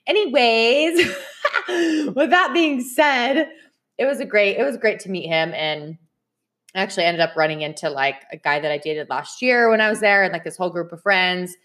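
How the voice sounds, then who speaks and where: A woman's voice: lowish voice, a bit bright. Giggly, chatty woman telling stories. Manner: chatty, laughs often while telling stories; speaks straight to listeners, casual swearing. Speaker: podcast host. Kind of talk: casual chat.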